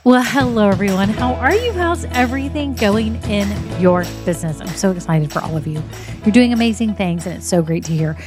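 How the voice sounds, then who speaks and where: A woman's voice: medium pitch, lively intonation, brisk, over music. A woman, hosting a podcast in an upbeat, chatty, encouraging way. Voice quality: slightly scratchy voice. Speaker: podcast host. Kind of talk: casual podcast chat.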